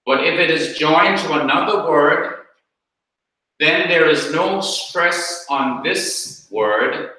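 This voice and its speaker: A man with a Jamaican accent teaching Hebrew grammar in a slow, deliberate classroom lecture, repeating his points. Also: mid-range voice, sharp tone. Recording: very echoey room.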